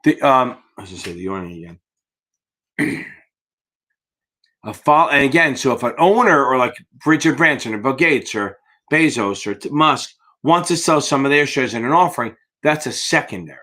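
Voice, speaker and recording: With a bright, forceful, animated mid-range voice at a moderate pace, this man teaches casually on a live Q&A stream. He preps students for securities exams, bluntly and with profanity, tired and yawning, and calls his audience baby.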